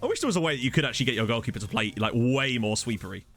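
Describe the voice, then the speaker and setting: A man's voice: mid-range voice, animated, racing, fairly bright tone. A young man chatting casually and joking while playing a football management game, with game music faint behind. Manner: chatty, jokey, reacting to the match. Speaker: gaming channel host. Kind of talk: casual let's-play commentary. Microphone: desktop studio mic.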